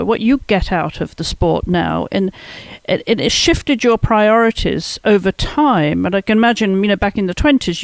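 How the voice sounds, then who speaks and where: A man's voice: high voice, no room sound. A man hosting a podcast interview, asking long, rambling questions with restarts in a conversational way. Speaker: podcast host.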